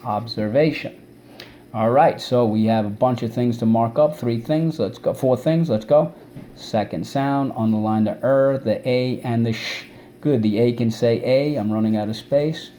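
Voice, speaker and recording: A man's voice: medium pitch, normal speed, warm tone, a little hiss or hum. A male teacher giving a spelling and vocabulary lesson, defining words and leading the class through call-and-response drills, syllable by syllable.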